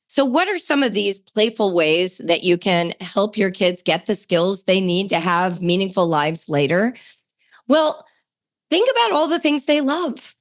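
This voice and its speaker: Chatty, enthusiastic woman podcast host. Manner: enthusiastic, chatty, jumps to a bright higher pitch for emphasis. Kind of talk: podcast talk on homeschooling.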